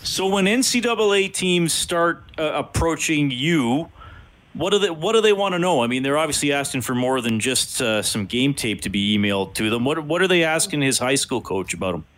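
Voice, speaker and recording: A man's voice: fairly high pitch, animated, moderate pace, fairly bright tone. A man hosting a sports radio show, asking chatty questions with small hesitations.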